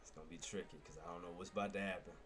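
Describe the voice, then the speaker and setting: A man live-streaming his day trading, muttering his moves to himself and breaking into loud, exasperated laughing outcries. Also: low voice, steady tone, racing, music in the background. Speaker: livestreamer trading on camera.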